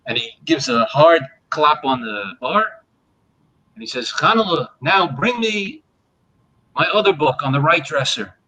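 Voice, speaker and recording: A man's voice: a little high, unhurried, rough recording. A man telling a traditional folk tale on a live online panel, acting out the characters, then closing with a blessing. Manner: animated storytelling, acting out characters. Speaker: storyteller on a panel.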